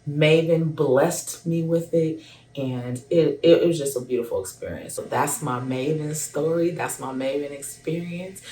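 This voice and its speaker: A woman in her thirties, a hairstylist, telling a personal story to camera in a casual, animated way. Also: sits low, measured pace. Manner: animated, acts out both sides of a phone call. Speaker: hairstylist sharing a testimonial. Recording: echoey room, voice a bit far from the mic.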